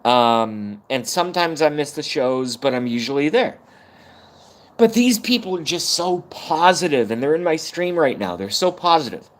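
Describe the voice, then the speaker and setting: A man's voice: fairly high pitch, animated, normal speed. Profane rambling livestream man. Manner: profane, blunt and swings between energy and fighting tears. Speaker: YouTube livestream host. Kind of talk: rambling live-stream monologue.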